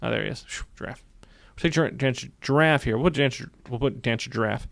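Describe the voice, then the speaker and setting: A man teaching software in a screen-recorded tutorial, upbeat, narrating his clicks and often repeating phrases. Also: medium pitch, a little fast, creaky, no echo. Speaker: software instructor.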